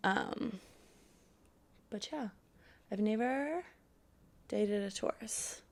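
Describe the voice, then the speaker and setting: Frank, gravelly-voiced young woman podcaster. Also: mid-range voice, very slow, pauses often, darkish tone. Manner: frank and profane, playful then fired-up pep talk. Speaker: podcast host. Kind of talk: casual solo podcast chat.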